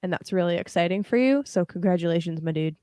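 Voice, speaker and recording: A woman's voice: fairly low pitch, fast talker, warm tone, smooth, dry recording, clean studio sound. A young woman hosting a casual livestream tarot reading, chatty and encouraging, with frequent fillers and the odd curse word. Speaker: tarot reader and livestream host.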